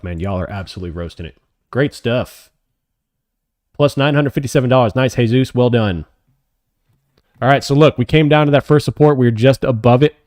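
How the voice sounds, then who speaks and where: A man hosting a live options trading stream, calling his trades as they happen and answering chat questions, often excited. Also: mid-range voice, no room sound, studio quality. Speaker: options trading livestream host.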